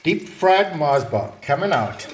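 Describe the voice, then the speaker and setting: A man's voice: fairly high pitch, sing-song, unhurried, reverberant, slight background noise. A man giving a chatty, joking cooking demonstration. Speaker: cooking vlogger.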